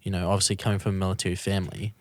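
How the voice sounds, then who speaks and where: Low-voiced New man, casual rambling. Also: level tone, rapid-fire, no room sound. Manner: loose and rambling, lots of restarts and swearing. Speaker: podcast host. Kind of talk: casual chat.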